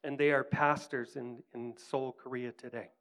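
Earnest man preaching, smooth voice. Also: mid-range voice, level tone, moderate pace. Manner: earnest, drops to soft hushed tones in quoted lines, rises for emphasis. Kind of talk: sermon storytelling.

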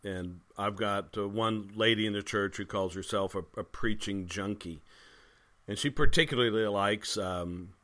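A man's voice: lowish voice, a little slow, bright, forceful tone. A man who is a pastor talking casually with another pastor, thoughtful and wry, often restarting his sentences. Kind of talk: casual conversation between pastors.

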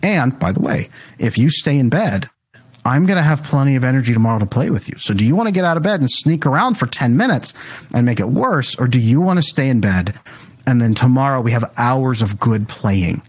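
A man's voice: mid-range voice, a little fast, breathy edge. A man on a casual talk podcast, telling parenting stories animatedly and acting out the lines he said to his children. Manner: animated storyteller acting out dialogue with his kids. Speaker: guest parenting speaker.

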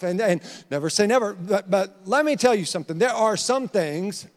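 A man's voice: high voice, expressive, moderate pace, hardly any pauses, long reverb tail. A man preaching a sermon as pastor, emphatic and joking, calling out to his congregation. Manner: emphatic, calls out to the congregation, jokes. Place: church sanctuary.

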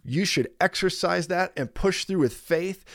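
A man's voice: high voice, measured pace, a bit bright, no room sound, studio quality. A man preaching a teaching sermon in an earnest, emphatic way, often repeating his key phrases.

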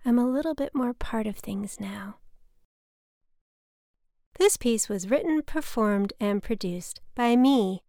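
Woman, scripted personal narration, wry and reflective, gravelly fry, dry close sound. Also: a little high, animated, slow pace, pauses often, mellow, no room sound. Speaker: storyteller.

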